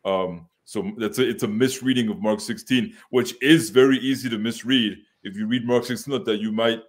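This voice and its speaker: A man's voice: on the low side, fairly even intonation, normal speed. A man co-hosting a casual chat, explaining points carefully, with frequent restarts. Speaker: co-host.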